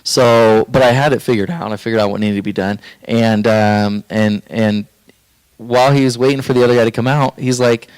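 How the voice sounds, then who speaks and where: A man's voice: medium pitch, steady tone, moderate pace, clear, resonant tone, no room sound. A young man sharing a personal faith story on a podcast, earnest and heartfelt, rambling with fillers and restarts as he talks.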